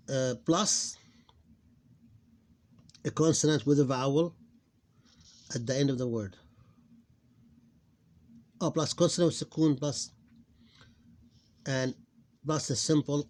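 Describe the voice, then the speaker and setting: A man's voice: on the high side, a little mellow. Self-correcting male phonics teacher. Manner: halting, repeats and corrects himself. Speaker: Arabic teacher. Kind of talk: recorded phonics lesson.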